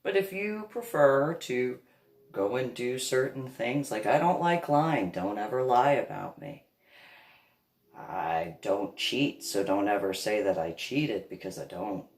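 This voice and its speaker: Slow, lively woman telling stories in an echoey room. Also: extremely low pitch. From New Jersey. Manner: rambling storytelling, laughing often. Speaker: vlogger, reverend. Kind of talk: casual monologue. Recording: roomy echo.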